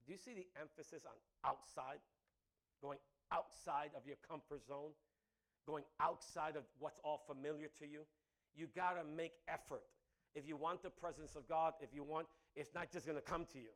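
A male pastor delivers a sermon with lively energy. His fairly high voice climbs into loud, emphatic peaks, then sinks into soft, reflective asides, with frequent laughter. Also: normal speed.

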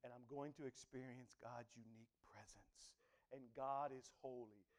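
A man preaching a sermon, shifting between hushed near-whispers and loud, emphatic lines, and acting out inner dialogue. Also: medium pitch, normal speed. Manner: animated preaching, swings from soft murmurs to loud emphatic lines; acts out inner dialogue in different tones. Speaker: pastor.

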